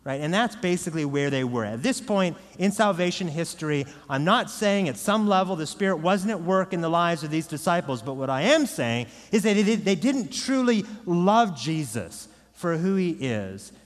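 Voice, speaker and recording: Man preaching, pastor, lively rising and falling pitch, conversational asides, long hall reverb. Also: normal speed, few pauses. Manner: animated, conversational preaching with frequent "right?" asides. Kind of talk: sermon.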